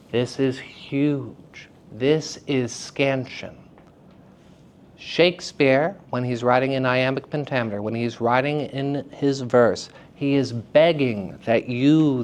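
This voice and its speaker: A man giving a lecture to students, energetic and checking in with frequent "right?" and "okay?", repeating example sentences to demonstrate. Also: medium pitch, slight background noise. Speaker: theater lecturer.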